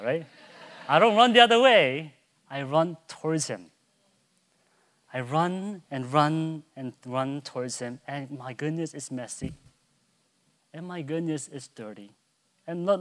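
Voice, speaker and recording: Hushed storytelling gives way to loud, soaring proclamation as a man preaches, and he voices a child's calls in a high pitch along the way.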